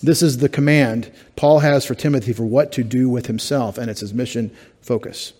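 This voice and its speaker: A man's voice: medium pitch, fairly even intonation, normal speed, a little mellow, breathy edge. A middle-aged man pastor preaching an expository sermon, explaining Greek words step by step with wry asides. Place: church sanctuary.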